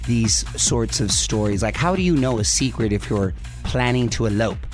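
A man's voice: medium pitch, lively intonation, moderate pace, over music. A man hosting a radio show in casual, chatty talk, recorded close on a studio mic. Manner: upbeat, chatty. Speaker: radio host.

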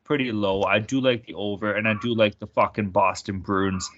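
Laughing often, swearing freely and staying upbeat, a podcast host runs a casual sports betting show. He speaks at normal speed in a lowish, fairly bright voice, and the recording sounds dull and lo-fi.

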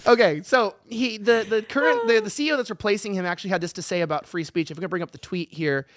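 A woman's voice: medium pitch, fast, dry recording, studio quality. A woman co-hosting a political talk show, brash and joking in casual commentary. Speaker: co-host.

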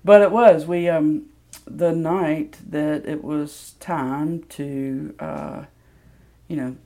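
A woman's voice: deep voice, fairly even intonation, very slow, gravelly, dark tone. A woman from Mississippi, candidly telling a personal story with plenty of ums. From Mississippi, USA. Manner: candid, self-deprecating, loose with fillers.

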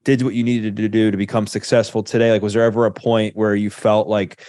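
Low-voiced young male podcast host. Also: level tone, brisk, dark tone, no room sound, studio quality. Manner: earnest, rambling questions full of "like". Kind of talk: interview questions.

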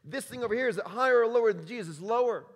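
A man's voice: extremely high pitch, rapid-fire. A male pastor preaching a sermon, emphatic and conversational, quizzing the congregation with repeated questions. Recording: long hall reverb.

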